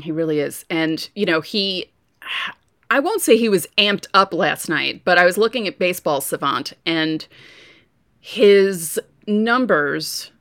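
A woman co-hosting a casual sports podcast, telling stories with lively asides. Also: lowish voice, dry recording, studio quality. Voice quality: voice prone to going hoarse. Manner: chatty storyteller, lively asides. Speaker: podcast co-host.

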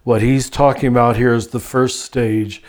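A man speaking as a spiritual teacher in a reflective conversation, thoughtful and soft-spoken. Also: mid-range voice, fairly even intonation, moderate pace.

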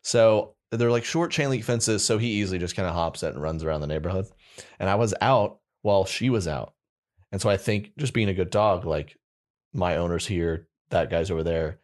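A young man co-hosting a podcast, chatting casually and telling funny stories, often breaking into high squeaky voices when he quotes people. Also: normal speed. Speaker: podcast co-host. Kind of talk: casual comedic chat.

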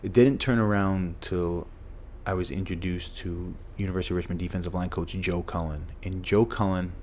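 A Massachusetts man in middle age, once a football player, spins stories on a podcast, hammering points home by repeating phrases emphatically. He speaks at a moderate pace in a low, darkish, steady voice, with a little hiss or hum in the background.

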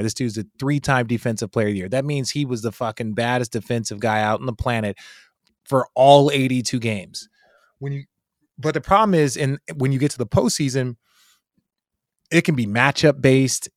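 Male host, casual sports banter, emphatic and animated, swears, dry close sound. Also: medium pitch, dry recording.

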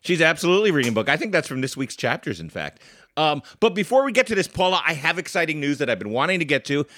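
A man's voice: fairly high pitch, big pitch swings, quick pace, bright, forceful tone, no echo. A man co-hosting a podcast, wry and a bit exasperated, shifting into an announcer tone for segments. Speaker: podcast co-host. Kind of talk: casual chat.

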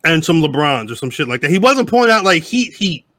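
Bright-toned man rambling on a podcast. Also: a little high, big pitch swings, brisk, no echo. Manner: rambling, profane, restarts often. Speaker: podcast co-host. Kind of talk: casual live podcast chat.

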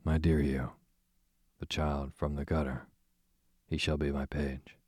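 A man voicing a smooth, sarcastic aristocratic duke with a dry, drawling manner. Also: a bass voice, level tone, unhurried, darkish tone, dry recording, full character voice. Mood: sardonic. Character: sardonic aristocratic male duke, languid and smooth.

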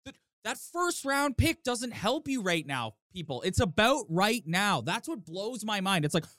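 A man co-hosting a casual sports podcast. He rants in heated, quick bursts. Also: high-pitched, sing-song, sharp tone, no room sound, studio quality. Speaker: podcast co-host.

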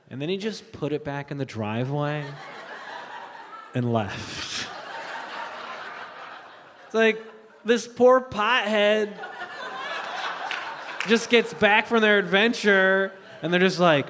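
Comedian telling a story on stage. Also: male voice, slow, pauses often, long reverb tail, noisy background. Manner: animated storytelling with loud high-pitched impressions. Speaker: stand-up comedian. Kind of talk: stand-up comedy set. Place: live stage before an audience.

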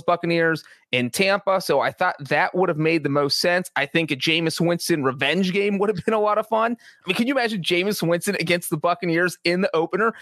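A man's voice: sits high, a bit bright, no echo, clean studio sound. A man talking sports as a podcast regular, chatty and analytical with many fillers. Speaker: football writer and podcast regular. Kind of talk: casual podcast sports talk.

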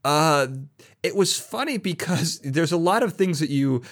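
A man hosting a podcast interview, telling stories with lively restarts and stumbles. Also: on the high side, a little slow. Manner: animated storyteller, many restarts. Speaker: podcast host. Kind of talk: conversational interview.

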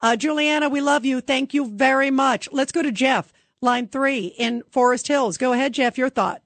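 A woman's voice: high-pitched, normal speed, no echo. A woman hosting a call-in radio show, emphatic and indignant, effusive toward her callers. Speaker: radio talk show host.

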